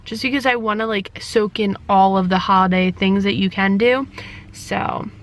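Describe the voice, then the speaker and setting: A woman's voice: mid-range voice, steady tone, moderate pace. A woman chatting casually to her vlog camera, a chatty, rambling talker who leans on fillers, filmed on a handheld camera. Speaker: family vlogger.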